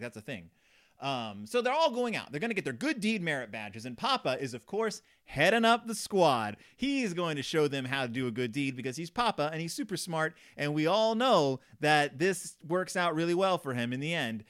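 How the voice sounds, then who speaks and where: A man's voice: medium pitch, a bit bright. A man giving a casual, sardonic, rambling commentary on a children's book, joking as he goes. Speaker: book reviewer.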